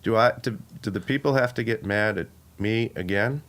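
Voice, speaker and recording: A man doing a hesitant, mild impression of a bland male league commissioner who pauses a lot. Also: on the low side, a bit bright, voice pushed down, natural voice. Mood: meek.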